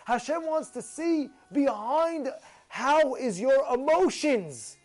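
A man teaching a Torah class, animated, acting out excited voices with gasps and rhetorical questions. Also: extremely high pitch, takes it slowly.

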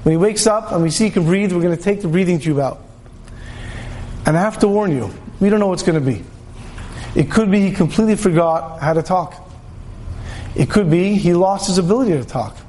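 A man giving a religious talk, telling a story in an animated way and acting out the people in it. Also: brisk, long pauses, a little hiss or hum. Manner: animated storyteller, voices characters with pitch jumps. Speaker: rabbi giving a Torah talk. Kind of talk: sermon with storytelling.

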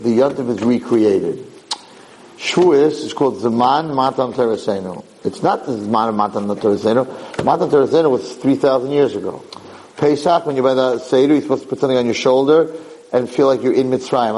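A man teaching a lively Torah class to a group in a room. He swings between loud exclamations and quiet asides, and often repeats words as he restarts a sentence. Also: medium pitch, low-quality recording. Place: room with listeners.

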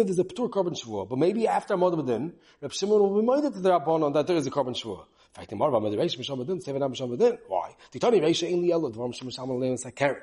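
Man, rapid Talmud lecture, fairly high voice. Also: dark tone. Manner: rapid, mixing English with Hebrew and Yiddish terms. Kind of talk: in-depth Talmud class.

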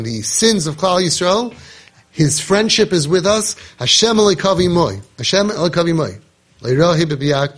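A man's voice: medium pitch, slightly rough. A man giving an impassioned Torah talk on parenting and judging others, acting out imagined dialogue with a raised voice. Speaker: parenting guide speaking on Torah teachings.

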